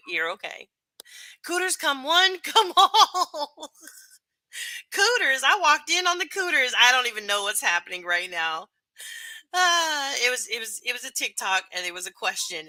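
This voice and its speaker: A woman's voice: mid-range voice, bright, forceful tone, no echo. A woman streamer chatting casually with her live chat and reading comments aloud, laughing often between remarks. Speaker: livestreamer.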